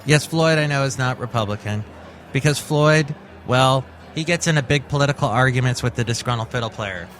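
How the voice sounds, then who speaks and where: A man's voice: mid-range voice, a little fast. A man hosting a comedy podcast, talking playfully through a monologue and skits, with faint music behind. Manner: playful, animated. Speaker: podcast host.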